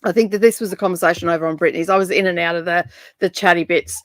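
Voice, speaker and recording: A woman's voice: on the low side, fairly even intonation, very fast, no echo, studio quality. A woman hosting a casual reading livestream, chatty, greeting viewers and laughing often. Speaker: livestream host.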